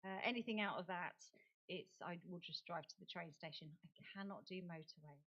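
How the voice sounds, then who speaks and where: A woman's voice: on the low side, fairly quick, fairly bright tone, muffled recording. A middle-aged woman giving a conference talk in a chatty, self-deprecating way, laughing often. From United Kingdom. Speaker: conference speaker and advocate. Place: conference venue.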